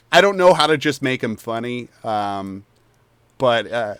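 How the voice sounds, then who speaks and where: A game master running a tabletop role-playing game narrates and chats with the table, laughing easily, poking fun at himself and musing aloud about his character voices. His voice is mid-range, a little slow and fairly bright, with a clean tone and no room sound.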